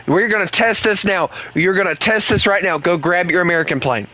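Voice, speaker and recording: A man's voice: high-pitched, a little fast, few pauses, bright, forceful tone. A man chatting casually at home while he plays an online game with friends, rambling and joking with his teammates. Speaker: gaming streamer. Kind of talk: casual chat while gaming.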